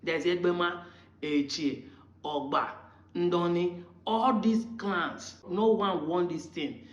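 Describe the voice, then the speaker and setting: A commentator from Nigeria speaks with a Nigerian English accent, pressing a heated argument through strings of rhetorical questions. The voice sits at a middling pitch. The recording carries a roomy echo and a somewhat muffled, dull tone. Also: slow pace. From Nigeria, Igbo. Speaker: online commentator.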